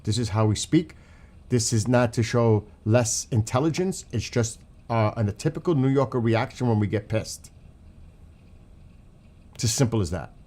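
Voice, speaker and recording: Talking to his chat during a live stream, a man with a New York accent launches into an emotional, swear-filled political rant. His voice is medium-pitched and mellow, at a normal speed.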